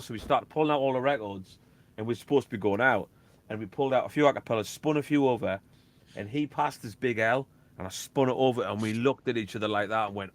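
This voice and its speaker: A man, a DJ and label owner, chatting casually and telling animated stories that act out beats and quotes. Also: mid-range voice, fast talker, dry recording. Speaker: guest, DJ and record label owner. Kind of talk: casual chat.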